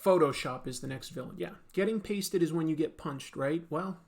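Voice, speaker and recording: A man's voice: a little high, moderate pace, gravelly. A man hosting a casual art livestream, chatting in a rambling, joking way while he draws. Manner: rambling, joking, lots of fillers. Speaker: comics artist and livestream host.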